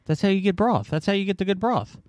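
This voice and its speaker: A man's voice: high-pitched, lively intonation, fast talker, darkish tone, no room sound. A man co-hosting a podcast in casual, joking chat, rambling and playful. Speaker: podcast co-host.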